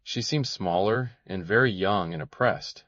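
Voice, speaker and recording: A man narrating a classic detective novel in a measured, even reading. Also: lowish voice, dry recording. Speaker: audiobook narrator. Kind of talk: scripted narration. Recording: dull, dry recording.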